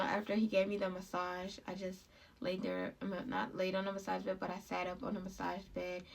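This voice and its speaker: A young woman vlogger telling a personal story in a halting, heartfelt way, full of fillers. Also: mid-range voice, vocal fry, recorded from a distance.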